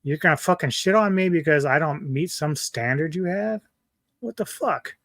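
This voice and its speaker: A man's voice: fairly high pitch, moderate pace, a bit bright, dry recording, clean studio sound. A man hosting a reaction video, ranting angrily and cursing often. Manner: profane, angry, ranting. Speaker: commentary YouTuber.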